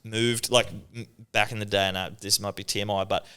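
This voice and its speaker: A man's voice: fairly low pitch, flat delivery, brisk, pushed and bright, smooth. A young Australian man, a podcast co-host, telling stories in laid-back casual chat full of swearing and slang.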